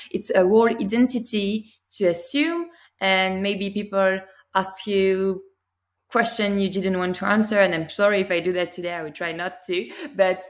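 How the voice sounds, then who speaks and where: A woman with a French accent who interviews her guest in English, asking questions in a hesitant, apologetic way with many fillers. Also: mid-range voice.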